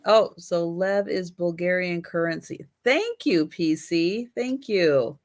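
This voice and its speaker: Female stream-sale host; slow, measured auction calls and item descriptions. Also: on the low side, lively intonation, darkish tone. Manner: slow, patient, explaining items. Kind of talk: live-stream auction chat.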